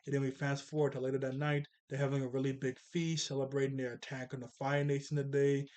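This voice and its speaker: A man casually recapping a cartoon episode, animated and chatty, acting out the characters' lines in jokey voices. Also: medium pitch, fast. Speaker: cartoon reviewer.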